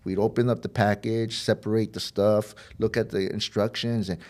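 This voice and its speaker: A man's voice: lowish voice, level tone, normal speed, darkish tone. A man sharing his recovery story as a podcast guest, talking candidly with many fillers and restarts, and acting out the dialogue as he tells it. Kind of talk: heartfelt personal storytelling.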